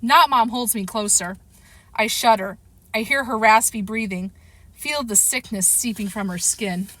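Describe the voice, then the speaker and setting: Audiobook narrator, female, expressive first-person reading, slightly high voice, dry close sound. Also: unhurried, dry recording. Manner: expressive storytelling, occasional self-corrections.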